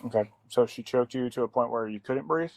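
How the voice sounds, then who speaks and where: Gravelly, brisk police officer. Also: male voice, mid-range voice. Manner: calm, matter-of-fact, brisk. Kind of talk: questioning witnesses. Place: outdoors at a residence. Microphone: body camera.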